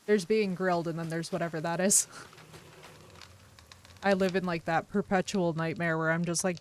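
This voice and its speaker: A woman streamer chatting casually with her viewers, effusive, unfiltered and animated. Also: on the low side, normal speed, long pauses, slight background noise.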